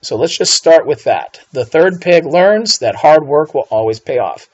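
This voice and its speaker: A man's voice: on the high side, expressive, unhurried, darkish tone, breathy edge. A male English teacher giving a recorded writing lesson, playful, with theatrical asides and mock outrage. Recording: dull lo-fi voice recording.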